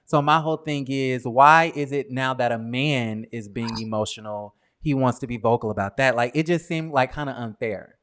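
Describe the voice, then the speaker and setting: A man's voice: medium pitch, normal speed, few pauses, fairly bright tone, clean tone. A man hosting a casual interview, asking probing questions and giving many short backchannel replies. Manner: conversational, probing, frequent "mm-hmm" backchannels. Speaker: host, interviewer.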